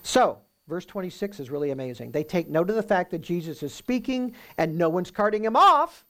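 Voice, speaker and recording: Animated man teaching from the Bible. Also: high voice. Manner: conversational, often adds a questioning "right?"; reads scripture aloud slowly and with emphasis. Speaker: preacher. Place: room with a live audience.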